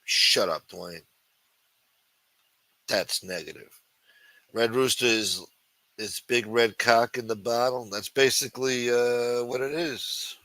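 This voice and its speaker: A man's voice: medium pitch, slow pace, long pauses, dry recording. A man hosting a live chat stream, swearing constantly, taunting and then muttering as he answers the chat. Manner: loud, taunting, swings between shouting and muttering. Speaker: livestream host. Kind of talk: profane live chat rant.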